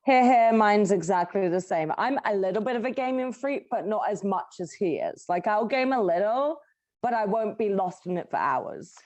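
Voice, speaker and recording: A young adult woman chats casually as a co-host. She talks easily and fills her sentences with "like". Her voice sits at a middle pitch. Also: expressive, moderate pace, a little mellow. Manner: chatty, says "like" a lot. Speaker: podcast co-host. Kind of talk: casual chat.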